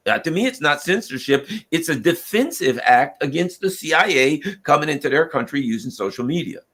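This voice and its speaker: An American man with a slightly high, expressive, somewhat bright voice talks a little fast in an opinionated political commentary. He argues emphatically and acts out what different nations might say in their own voices.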